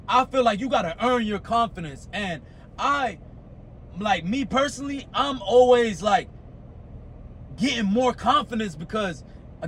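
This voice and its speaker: A man's voice: extremely high pitch, a bit bright, a little hiss or hum. A young American man giving a casual motivational talk, profane and streetwise, often asking "you know what I'm saying". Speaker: motivational speaker.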